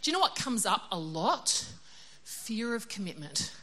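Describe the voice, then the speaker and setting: A woman's voice: mid-range voice, very animated, measured pace, a bit bright. A middle-aged woman giving a casual, chatty sermon. She is self-deprecating and laughs often. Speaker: preacher.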